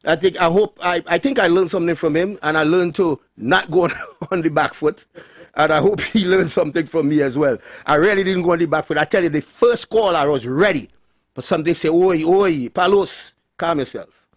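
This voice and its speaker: High-voiced man, radio host storytelling. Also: fairly quick, no room sound, clean studio sound. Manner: animated storyteller who repeats key words for emphasis. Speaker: radio talk show host. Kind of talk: radio monologue retelling a phone call.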